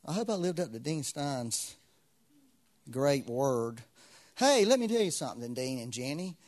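A man's voice: mid-range voice, sing-song, measured pace, a little mellow. A man preaching a sermon to a congregation, repeating phrases with swelling intensity. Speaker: pastor.

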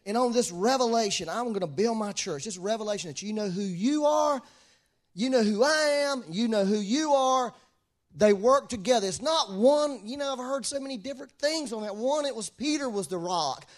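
A man preaching a sermon to a congregation in a room, emotional and passionate, swinging from soft talk to shouting. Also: extremely high pitch, lively intonation, normal speed. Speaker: pastor.

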